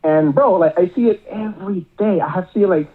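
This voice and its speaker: A man's voice: high-pitched, a little fast. A male caller, rambling with many filler words, heard over a phone line. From Miami area.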